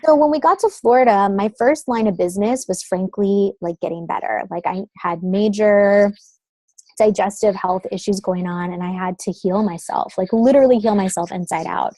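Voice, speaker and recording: A chatty woman in her thirties tells her story as an interview guest, her voice mellow and warm. She leans on "like" and "um" as she talks over a phone call, and the sound is dry and close, with no room around it. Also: medium pitch, normal speed, no room sound. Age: 30s. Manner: chatty, uses many fillers like "like" and "um". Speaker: guest, creative consultant.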